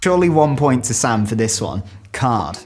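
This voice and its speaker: A British man from the UK talks in a casual, self-mocking video, chatty and animated as he tells his story. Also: mid-range voice, moderate pace. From United Kingdom. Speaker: video creator. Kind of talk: casual talking-head video.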